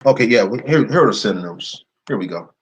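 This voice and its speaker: A man's voice: on the low side, animated, quick pace, husky, low-quality recording. A man giving a screen-share commentary, reading long word lists aloud in a blunt manner and cursing now and then. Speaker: presenter.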